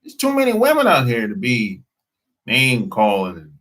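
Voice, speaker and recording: A man talking casually as a dating coach, slow and drawling, often breaking into laughter. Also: mid-range voice, huge pitch swings, a bit bright. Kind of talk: casual live-stream talk.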